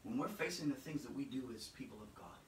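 A man's voice: mid-range voice, expressive, quick pace. Man, preacher, sermon, dramatic, stammering repeats, roomy echo, faint background noise. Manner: dramatic, swings from shouting to hushed, repeats words. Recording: echoey room, mic at a distance.

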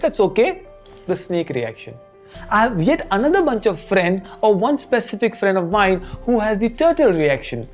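A man's voice: high-pitched, a little mellow. A man hosting a motivational teaching talk about feedback. He speaks expressively and repeats his key points. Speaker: host and teacher trainer. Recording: dull lo-fi recording with faint music.

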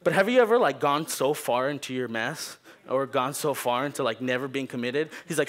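With a medium-pitched voice and a slightly fast pace, this young pastor rarely pauses during his sermon. He's animated and playful, telling a humorous story and playing out its characters.

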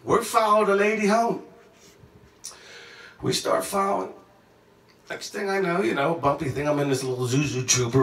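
Excitable, cursing man in an echoey room. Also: a little high, moderate pace, pauses often. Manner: excitable, profane, jumps around mid-sentence. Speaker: storyteller. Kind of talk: casual rambling anecdote. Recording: echoey room, mic at a distance.

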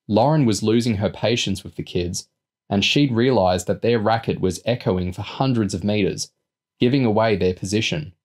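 A man with a lowish voice reading a novel aloud. His narration is steady and even, carrying the story along between character lines. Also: moderate pace. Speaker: reader. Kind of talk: audiobook reading.

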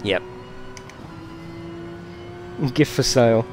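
A man's voice: mid-range voice, fairly quick, darkish tone, soft background music. Sweary man streaming a race. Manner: sweary, apologetic, giggly. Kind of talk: live racing game stream commentary.

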